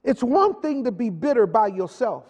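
A man's voice: very high voice, big pitch swings, moderate pace, darkish tone. A male pastor preaching a sermon with a repetitive, call-and-response delivery. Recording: long hall reverb.

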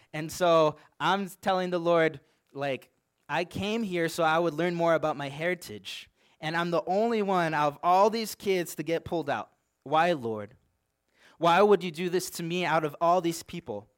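A young man, a pastor, telling a personal story in a sermon, earnest and animated, often saying "like". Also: on the high side.

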